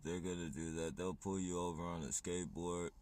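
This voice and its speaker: A man's voice: deep voice, fairly even intonation, a little fast, darkish tone. A man chatting casually on a livestream, rambling and swearing, often laughing as he talks.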